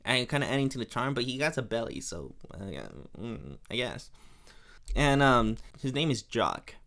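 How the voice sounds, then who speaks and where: A young man hosting a podcast, casually recapping an episode, chatty and laughing often, briefly acting out lines in quick voices. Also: mid-range voice, very animated, a bit bright. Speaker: podcast host.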